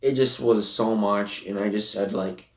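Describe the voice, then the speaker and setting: In his bedroom, a teenage boy records a personal confessional vlog, his low-pitched voice sniffly and emotional, with fairly even intonation. He halts through many fillers and restarts, and the roomy sound puts him at a distance from the mic.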